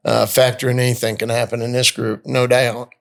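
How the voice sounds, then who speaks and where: A man's voice: mid-range voice, little pitch movement, brisk, vocal fry, fairly bright tone. A middle-aged man, the guest and father of a host, joking and teasing in a casual podcast chat.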